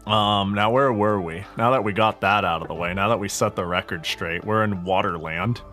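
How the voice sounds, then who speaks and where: A man's voice: on the low side, normal speed, bright, forceful tone, faint music behind. Rambling, joking male streamer. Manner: rambling, joking, swears often, frequent self-corrections. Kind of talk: casual gaming stream chatter.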